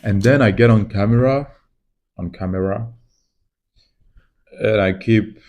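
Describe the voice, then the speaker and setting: A man's voice: fairly low pitch, unhurried, a little mellow. A man rambling reflectively in a casual to-camera vlog while doing crafts at home. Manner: rambling, reflective, self-mocking. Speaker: vlogger.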